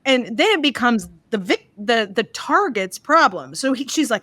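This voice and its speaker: A woman's voice: on the high side, expressive, a bit bright, no echo. Candid woman therapist chatting. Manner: candid, exasperated, quick asides. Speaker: therapist and podcast co-host. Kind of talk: casual chat.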